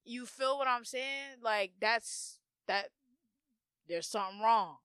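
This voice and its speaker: Bright-voiced young woman, candid and profane. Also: on the high side, slow pace, clear, resonant tone, no room sound, clean studio sound. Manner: swings between hushed murmurs and loud emphatic bursts; repeats words in rhythmic runs. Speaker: podcast host. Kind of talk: candid solo podcast monologue.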